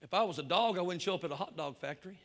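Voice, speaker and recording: Excitable preacher, high and ringing voice, echoey church room. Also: male voice, racing, creaky. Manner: excitable, worked up. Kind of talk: sermon with storytelling. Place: church before a congregation.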